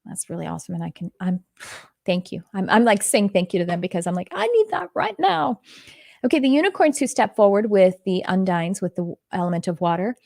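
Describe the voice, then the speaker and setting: A woman's voice: lowish voice, steady tone, fast, vocal fry, a little mellow, no room sound, clean studio sound. A woman from Texas with a faint Texan accent, teaching about spirits in a casual, rambling way with many fillers and restarts. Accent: Texan, mostly faded.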